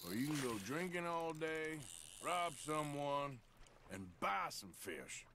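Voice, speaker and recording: An actor playing a weary male outlaw with a gruff, deadpan manner. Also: on the high side, slow pace, a little hiss or hum, exaggerated voice. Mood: dry.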